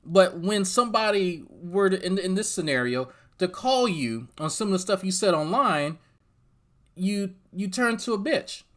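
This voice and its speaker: A man's voice: sits high, animated, normal speed, a bit bright. A man hosting reaction commentary, swearing and mocking as he talks straight at the person in the clip. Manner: profane, mocking, talks straight at the clip's subject. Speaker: commentary channel host.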